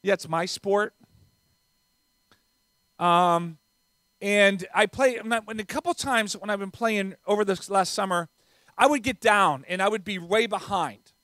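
A man's voice: high-pitched, measured pace, pauses often, bright, forceful tone, no echo. A man preaching as a visiting pastor, speaking in a conversational way with small fillers and a non-Southern American accent. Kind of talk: sermon. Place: church sanctuary.

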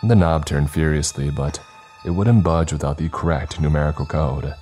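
A man reading a scripted horror story in a slow, measured way. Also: a bass voice, fairly even intonation, dark tone, faint music behind.

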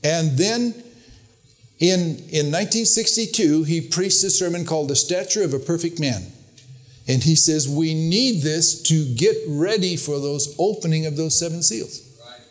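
An older man preaching a sermon, telling stories and quoting others in an earnest, emphatic way. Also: unhurried. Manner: storytelling, quoting with raised pitch, earnest and emphatic.

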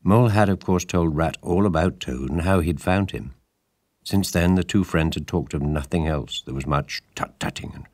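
An audiobook narrator with a very deep voice reads from a storybook script at a measured pace, bringing lively energy to the telling. The sound is close and dry, with no room sound at all.

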